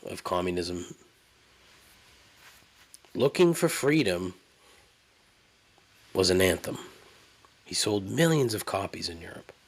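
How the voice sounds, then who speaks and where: Guy doing a solo podcast, lots of ups and downs in his voice, swears, kinda incredulous. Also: low-pitched. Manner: rambling, profane, incredulous storytelling. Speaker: podcast host. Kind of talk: casual solo monologue.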